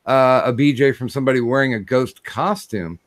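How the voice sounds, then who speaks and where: A man's voice: mid-range voice, dry recording. Rambling man with a dry close mic. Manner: halting, many fillers and restarts. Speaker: stream host. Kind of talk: casual crude livestream chat.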